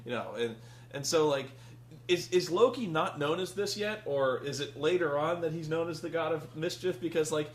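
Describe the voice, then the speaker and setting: In a casual chat, a man reviews a film in a rambling, profane way, often acting out the characters' lines. His voice is on the high side and moves at a moderate pace.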